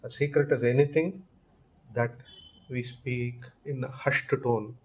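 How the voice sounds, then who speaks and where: A man's voice: mid-range voice, fairly even intonation, unhurried, darkish tone, lightly acted. Guy doing a sulky village friend, stubborn, a bit defensive, storytime voice. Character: touchy male villager, stubborn about whispering.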